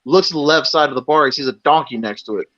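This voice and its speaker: A man's voice: fairly high pitch, fast, a bit bright, lo-fi sound. A young man telling crude jokes on a live stream, acting out the people in them. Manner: crude joke teller, acts out characters.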